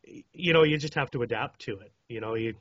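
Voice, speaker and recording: A man from Canada, co-hosting a podcast in a relaxed casual chat and laughing easily. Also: medium pitch, fast talker. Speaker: podcast co-host. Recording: dry, dull lo-fi sound.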